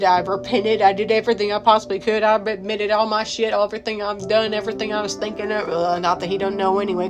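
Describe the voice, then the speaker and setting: A woman giving a raw personal testimony, repeating herself and swearing freely as she talks. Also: medium pitch. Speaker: mother and business owner telling her story. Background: music.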